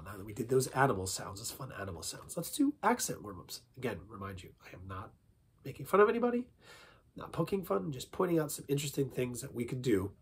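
A man teaching a playful vocal warm-up lesson as a music teacher, upbeat and jokey, breaking into little sung snippets. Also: medium pitch, slightly rough.

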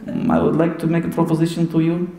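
A man doing an impression of a smug middle-aged football manager, talking slowly, clipped and self-assured. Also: a little high, big pitch swings, vocal fry, warm tone, echoey room, voice pushed up.

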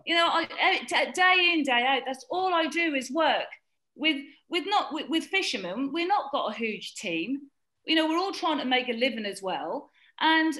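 A woman from Britain argues emotionally for fishing communities, circling back on her words as feeling takes over. Her voice sits high and swings widely in pitch. It is heard with a noticeable room echo. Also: expressive, normal speed, pushed and bright. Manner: emotional, repeats herself, pleading. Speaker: fishing industry campaigner. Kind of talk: impassioned guest commentary. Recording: roomy echo.

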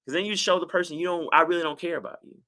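A middle-aged man giving relationship advice on a livestream, reading out viewer comments with a passionate, animated delivery. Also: a little high, very fast.

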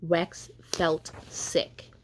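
Gentle woman reading a storybook slowly. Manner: gentle, unhurried read-aloud. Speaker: catechist reading aloud. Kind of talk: reading a children's storybook aloud.

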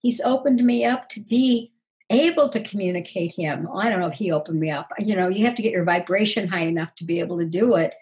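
An older woman, a counselor guest on an interview, talking earnestly and reflectively about her personal growth, with soft laughs. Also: mid-range voice, fast, rough recording. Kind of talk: interview conversation.

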